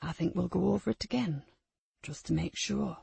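A woman voicing a menacing adult who taunts a frightened child in a low, slow, hushed murmur. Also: vocal fry, slightly rough, no room sound, heavily acted. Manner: slow, drawn-out, sinister.

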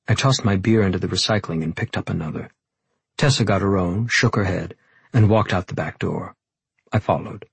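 Very husky, gravelly male narrator. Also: deep voice, brisk, no room sound. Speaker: audiobook narrator. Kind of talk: first-person novel narration.

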